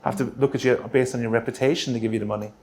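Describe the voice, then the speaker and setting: A man presenting a grant writing workshop, punchy and energetic, checking in with the room with quick rhetorical questions. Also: mid-range voice. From Australia.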